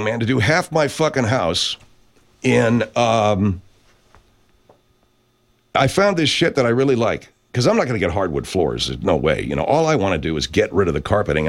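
A middle-aged man hosting a livestream, reading chat and rambling casually with plenty of profanity. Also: medium pitch.

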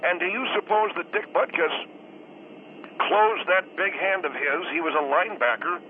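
A man's voice: sits high, normal speed. A man calling in as a guest to a radio talk show, speaking earnestly and at length about feeling wronged. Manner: earnest and aggrieved, explains at length. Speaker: call-in guest. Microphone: telephone. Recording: tinny phone line with faint hiss.

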